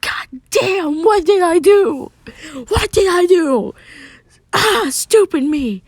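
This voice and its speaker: A man voicing a frantic teenage boy ninja who yells in a high, strained voice. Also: expressive, slow pace, no echo, studio quality, full character voice. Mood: panicked.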